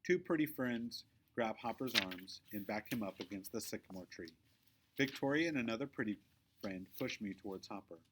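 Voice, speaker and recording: A man reading a children's chapter book aloud, with expressive storytelling in a middle pitch. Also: normal speed, slight background noise. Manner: expressive storytelling, dropping low for narration tags. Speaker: reader.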